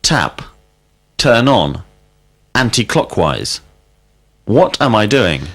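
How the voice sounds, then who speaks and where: A male teacher leading a scripted language drill, asking questions slowly and deliberately and calling out single words as prompts. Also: fairly low pitch, big pitch swings, a bit bright. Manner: slow, deliberate questioning with clear word prompts.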